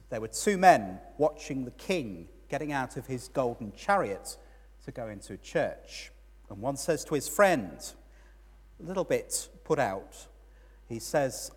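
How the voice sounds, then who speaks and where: A man preaches a sermon with a husky, slightly breathy voice, his words trailing into a long church reverb. He tells his story with rising and falling emphasis, pressing hard on key words and then dropping low and quiet. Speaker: priest.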